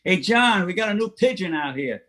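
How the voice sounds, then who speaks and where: A man's voice: extremely high pitch, brisk, fairly bright tone, voice pushed up. A man doing a barking, bossy old Irish-American old-timer. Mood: gruff teasing. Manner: barking orders with teasing bluster.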